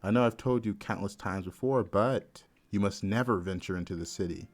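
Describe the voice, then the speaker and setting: A man voicing a kind, patient older father who speaks slowly and softly. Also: lowish voice, lightly acted. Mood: gentle. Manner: slow, soft and fatherly.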